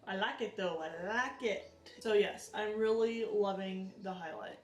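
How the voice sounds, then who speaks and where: A woman vlogger chatting casually as she tries out makeup, animated and self-deprecating. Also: mid-range voice, a little slow, roomy sound, recorded from a distance. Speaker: beauty vlogger. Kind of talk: casual makeup tutorial chat.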